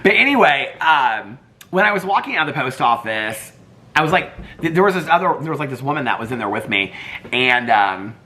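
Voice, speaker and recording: A man's voice: medium pitch, very animated, a little fast, bright, forceful tone. A man vlogging casually, rambling through a story with lots of fillers and quoted dialogue.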